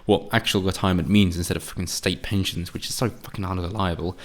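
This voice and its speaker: A man's voice: deep voice, fairly even intonation, quick pace. Sarcastic, profane man ranting. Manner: sarcastic, profane, mocks opponents in put-on voices. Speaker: political commentator. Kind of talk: ranting monologue.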